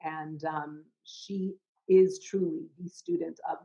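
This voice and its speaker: A middle-aged woman, an educator and chaplain, speaking reflectively in an interview, with many restarts and soft laughs. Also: low voice, fairly even intonation, takes it slowly, gravelly, lo-fi sound.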